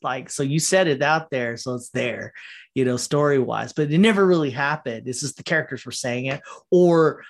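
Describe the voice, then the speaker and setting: A man ranting casually on a solo podcast, rambling and profane, laughing often and mocking characters in quoted voices. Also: medium pitch.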